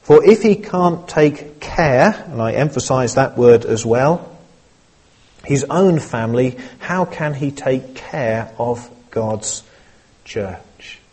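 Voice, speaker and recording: Slow, husky-voiced male preacher. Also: medium pitch, lively intonation, warm tone. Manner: measured, earnest preaching with small restarts. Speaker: pastor. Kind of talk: sermon.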